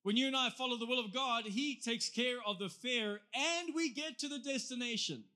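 A male preacher with a high, bright voice delivers a sermon. He is lively and casual, and he throws questions at his listeners with an animated, chatty energy. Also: moderate pace. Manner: lively, conversational, asks the audience questions.

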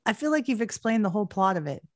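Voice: medium pitch, big pitch swings, fast talker, no room sound, clean studio sound. An easygoing podcast co-host chatting casually and cueing up clips. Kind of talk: casual chat.

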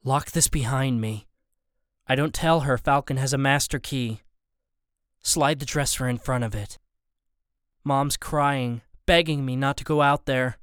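A man narrating a first-person interactive thriller in a tense, measured reading. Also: medium pitch, steady tone, a bit bright, clear, resonant tone, no echo, clean studio sound. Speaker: audiobook narrator.

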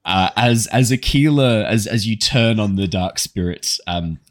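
A man's voice: lowish voice, unhurried. A man narrating a tabletop game as game master, rambling with fillers and chuckles.

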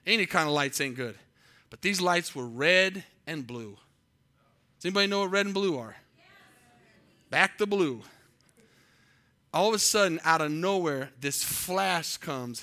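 Bright-voiced, lively male preacher. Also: a little high. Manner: animated, quizzes the audience. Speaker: pastor. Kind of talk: sermon storytelling.

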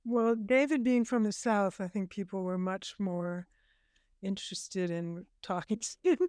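A woman's voice: mid-range voice, steady tone, a little slow, darkish tone, smooth, no echo, clean studio sound. A woman documentary director chatting in an interview in a friendly way. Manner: friendly, laughs while talking. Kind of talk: casual interview talk.

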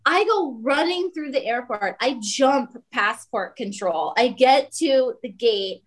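Woman telling a lively story. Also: high-pitched, takes it slowly, rough recording. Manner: animated, acts out quoted voices. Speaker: guest. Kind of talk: casual storytelling.

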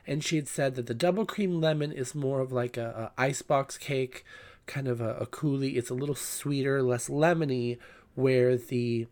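A man's voice: medium pitch, fairly even intonation, moderate pace, darkish tone. A man hosting his own podcast, telling a story in a chatty, gossipy way and swearing freely between many fillers. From Southern California. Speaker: podcast host. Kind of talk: casual storytelling monologue.

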